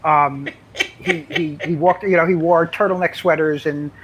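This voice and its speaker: A man's voice: a little high, big pitch swings, a little slow, creaky, fairly bright tone, slight background noise, poor audio. An older man, a comics writer, telling anecdotes in casual interview chat, rambling with many fillers and restarts.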